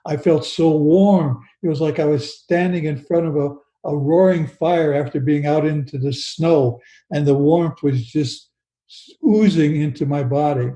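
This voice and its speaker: An older man slowly and earnestly telling a personal story as an interview guest, often restarting his sentences. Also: on the high side, warm tone, roomy sound, poor audio.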